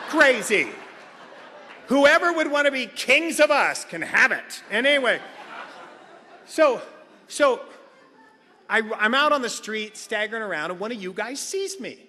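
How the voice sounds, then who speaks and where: A middle-aged man speaks to a meeting hall in a high, bright voice that swoops lively up and down. He tells a funny personal story and slips into other people's voices. The sound carries a long hall reverb. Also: measured pace, long pauses, slight background noise. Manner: animated, acts out other people's lines. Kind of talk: comedic personal storytelling talk.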